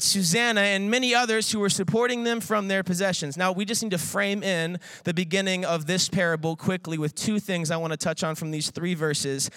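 A man preaching a casual, energetic sermon as a guest speaker, playful and full of filler words, acting out little quoted voices. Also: sits high, smooth, dry recording. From Iowa, US.

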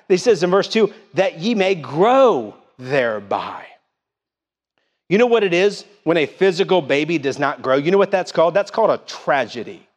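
A man's voice: sits high, big-room sound. A middle-aged man preaching a sermon in a church, emphatic and full of questions to the congregation. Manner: emphatic call-and-response preaching, rising and falling. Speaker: pastor. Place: church sanctuary.

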